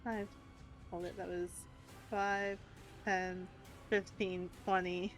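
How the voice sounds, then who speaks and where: A woman's voice: fairly low pitch, little pitch movement, slow, over music. A woman playing a tabletop game in casual chat, thinking aloud as she plays. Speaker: player.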